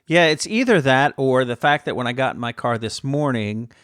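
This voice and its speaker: A man's voice: medium pitch, animated, normal speed, fairly bright tone, clear, resonant tone, dry recording, studio quality. A man co-hosting a podcast, telling rambling, self-mocking stories in casual chat. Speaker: podcast co-host.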